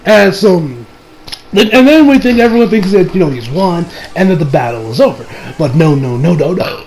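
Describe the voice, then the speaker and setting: A man recapping an anime episode in casual, rambling talk, full of laughs and swearing. His voice sits high and has a gravelly rasp. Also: lively intonation, moderate pace, darkish tone, poor audio. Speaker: anime reviewer.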